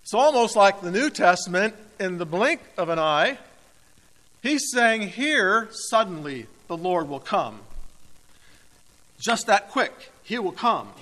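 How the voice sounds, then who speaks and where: A man preaching a sermon as pastor, emphatic and deliberate, with dramatic pauses. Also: sits high, sharp tone. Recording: reverberant hall.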